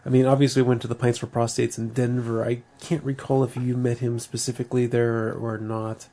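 This podcast co-host has a medium-pitched, flat, mellow voice and a brisk pace. A bit tipsy from beer, he chats casually and rambles, laughing often.

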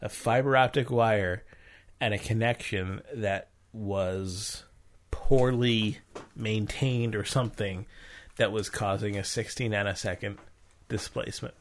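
A man's voice: on the low side, fairly even intonation, unhurried. A man in casual podcast chat, explaining science with many restarts.

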